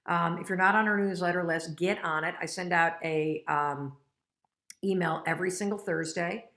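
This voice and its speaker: A woman's voice: lowish voice, fairly even intonation, moderate pace, fairly bright tone. A middle-aged woman hosting a casual live stream, talking frankly and motivationally and getting emotional and choked up. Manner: emotional, gets choked up and tearful. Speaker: host.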